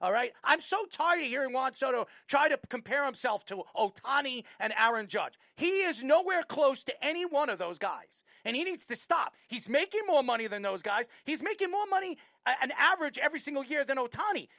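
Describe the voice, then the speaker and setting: A woman with a New York accent hosting a sports talk show, ranting bluntly about a player with loud bursts. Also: sits high, expressive, brisk, few pauses, no echo, clean studio sound. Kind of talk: opinionated sports commentary.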